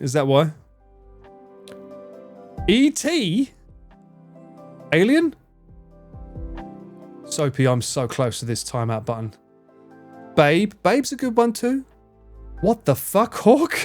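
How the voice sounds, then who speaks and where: Essex male streamer, lively teasing banter, frequent swearing and laughs, slightly high voice. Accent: English, Essex. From England. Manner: swears a lot, laughs often, animated and teasing. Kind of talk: casual live-stream chat with viewers.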